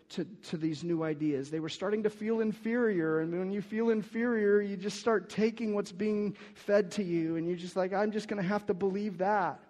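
Pastor, male, fairly high voice, emphatic sermon delivery, lots of restarts, long reverb of a church hall. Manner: emphatic, rises and gets louder when quoting scripture; frequent restarts and repeated words.

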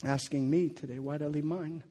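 A man preaching a sermon as a pastor, animated and acting out the voices of the people in his story. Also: fairly high pitch, brisk. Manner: animated, acts out quoted voices. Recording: long reverb of a hall.

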